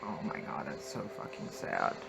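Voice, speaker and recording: A man's voice: rumbling low, very animated, moderate pace, creaky, loud music behind the voice, rough recording. A man ranting emotionally about a TV episode as he reacts to it, swearing and exclaiming often. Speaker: TV reaction vlogger.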